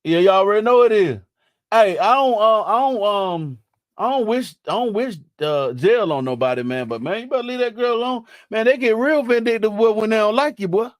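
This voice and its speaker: A man's voice: sits high, expressive, normal speed, no echo, clean studio sound. A young man chatting casually on a live stream, laughing and teasing in slangy talk.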